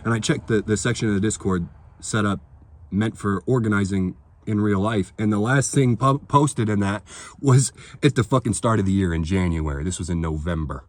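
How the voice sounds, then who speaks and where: Low-voiced male vlogger, fired-up and foul-mouthed, sarcastic rant, dead-dry room. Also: moderate pace, a little mellow, dry recording. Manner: heated, profane, sarcastic. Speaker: political vlogger. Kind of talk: ranting monologue to camera.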